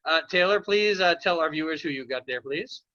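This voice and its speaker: An upbeat man hosting a casual roundtable chat. His voice is fairly high and bright, and the audio comes through muffled and lo-fi. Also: brisk. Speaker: host. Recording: dull lo-fi audio.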